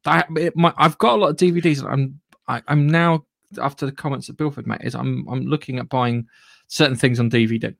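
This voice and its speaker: A man's voice: medium pitch, fairly even intonation, a little fast, creaky, dry recording. Guy rambling on a podcast, swears a lot, mid voice, dry sound. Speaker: podcast co-host. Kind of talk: casual chat.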